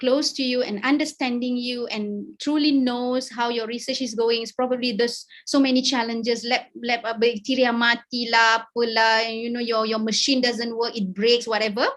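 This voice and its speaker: Malaysian woman speaker, high voice, encouraging webinar lecturer, code-switches, video call. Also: level tone, moderate pace, hardly any pauses, a bit bright. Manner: encouraging, mixes English and Malay, frequent "okay?". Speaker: guest speaker. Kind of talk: webinar talk.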